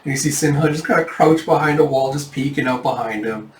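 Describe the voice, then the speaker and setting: A man giving a casual, animated readthrough of a comic, retelling each panel. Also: medium pitch, fairly quick. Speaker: manga reader. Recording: echoey room, mic at a distance.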